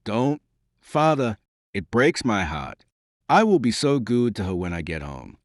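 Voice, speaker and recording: A fond old peasant father in an audiobook, rambling homely and worried, as a man reads him in a low voice. The lines rise and fall with lively pitch, recorded close and dry. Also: a little slow, no room sound.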